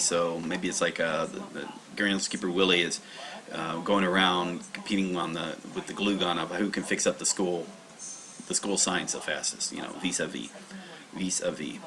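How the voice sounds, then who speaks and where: Deep-voiced man teaching kanji casually. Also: bright, forceful tone. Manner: rambling, casual, many fillers and restarts. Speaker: language teacher. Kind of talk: livestreamed kanji study lesson.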